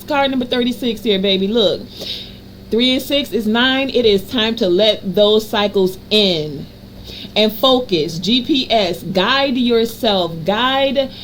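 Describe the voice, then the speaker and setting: A woman's voice: fairly high pitch, a little hiss or hum, low-quality recording. Soothing woman giving a card reading. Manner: soothing, affirming, repetitive list-like cadence. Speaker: energy reader and healer. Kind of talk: tarot card reading for a general audience.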